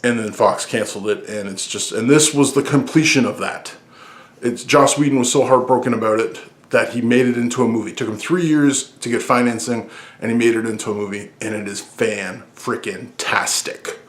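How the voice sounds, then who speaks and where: An enthusiastic man chatting casually as a podcast host. He rambles, restarts his sentences and gushes about the films he loves, at an ordinary middle pitch. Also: a little fast. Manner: excited, rambling, frequent restarts and fillers. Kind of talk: casual movie-list talk.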